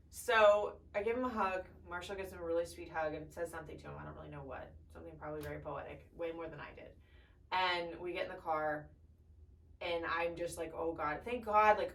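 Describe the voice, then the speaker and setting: A woman's voice: fairly low pitch, distant mic, rough recording. Young woman vlogger, candid and profane, mic set a bit back. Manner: candid, swears freely, animated retelling with laughs. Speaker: vlogger telling her birth story. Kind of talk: casual storytelling to camera.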